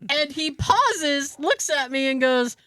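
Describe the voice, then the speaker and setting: A woman's voice: high-pitched, slow pace, no room sound. A woman co-hosting a podcast, telling a story in casual chat and acting out what people said. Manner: animated storyteller acting out quoted dialogue. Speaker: podcast co-host.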